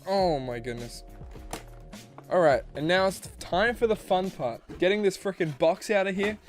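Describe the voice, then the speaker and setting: A man with an Australian accent, joking and getting excited as he unboxes and reviews a collectible figure. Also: high-pitched, moderate pace, faint music behind. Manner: goofy, jokey, excitable. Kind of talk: casual unboxing chat.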